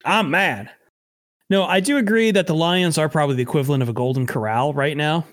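A man's voice: on the high side, quick pace, no room sound, studio quality. A man hosting a casual sports podcast in a sarcastic, joking way. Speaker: podcast host.

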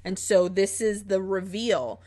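A woman co-hosting a podcast, retelling a film's plot in a lively, casual way, acting out the characters' lines and swearing freely. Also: medium pitch, unhurried. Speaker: podcast co-host. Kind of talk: casual film recap chat.

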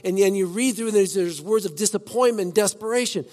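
A pastor delivers his sermon in a high, light voice. He is animated, rising loud on his key words and then dropping to a hushed murmur. The sound carries a long hall reverb. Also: quick pace. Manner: animated, swings between loud emphasis and soft hushed lines.

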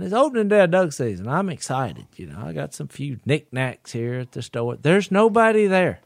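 A man co-hosting a podcast and recounting a story in an easygoing, chatty way. His voice rises and falls with lively swings of pitch, and now and then he chuckles at his own tale. The sound is close and dry, with no room echo. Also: creaky. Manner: animated, laughs through his own story. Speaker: podcast co-host. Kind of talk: casual storytelling chat.

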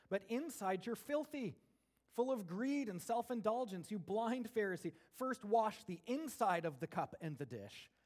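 A man preaching a sermon to his congregation, animated, moving between quiet asides and raised, emphatic passages. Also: a little high. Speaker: pastor.

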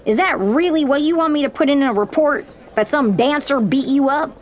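A woman's voice: mid-range voice, very animated, moderate pace, a little hiss or hum, pitched above the performer's own voice, natural voice. A woman doing a scornful gunslinger officer. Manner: scornful, commanding. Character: stern, mocking male gunslinger officer.

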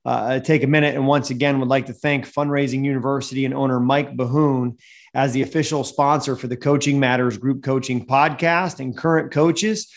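A man hosting a podcast and speaking at a seminar, with an energetic, motivational delivery. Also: medium pitch, moderate pace. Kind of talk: seminar talk.

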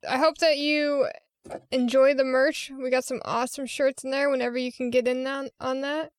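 A woman's voice: sits high, fairly even intonation, moderate pace, clean tone, no echo, studio quality. A woman co-hosting a casual podcast, playful and giggly with the listeners. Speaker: podcast co-host.

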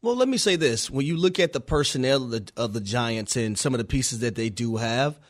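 A man's voice: medium pitch, expressive, a little fast. A man co-hosting sports talk radio, emphatic and opinionated. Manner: emphatic, opinionated, starts with "listen". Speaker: radio co-host, former player.

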